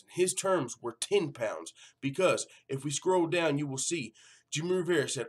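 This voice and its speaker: A man's voice: on the high side, normal speed. A man hosting an MMA news vlog, talking casually, swearing freely and acting out the quotes. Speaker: MMA news channel host. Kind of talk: casual profane commentary vlog.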